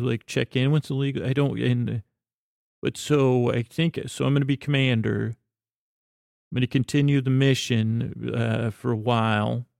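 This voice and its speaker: A man telling a meandering, improvised bedtime story to a pen pal, halting often and filling gaps with fillers and restarts. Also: mid-range voice, vocal fry, dry recording, clean studio sound.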